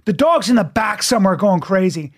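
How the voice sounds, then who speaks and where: A man hosting a casual podcast chat, telling a story with lots of energy, quick restarts and swearing. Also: high-pitched, expressive, vocal fry. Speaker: podcast host, stand-up comedian.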